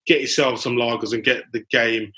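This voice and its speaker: A man's voice: mid-range voice, steady tone, a little fast, pushed and bright. Chatty man hosting a podcast. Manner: chatty, jokey, banter with fillers. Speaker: podcast host. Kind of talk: casual chat. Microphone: call recording.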